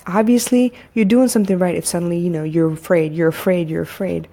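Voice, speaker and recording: A woman with a low, mellow and soothing voice talks straight to listeners in a casual motivational monologue. She is candid and repeats herself, then builds to emphatic urging, like a coach hosting her own podcast. She records on a phone. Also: steady tone, fast.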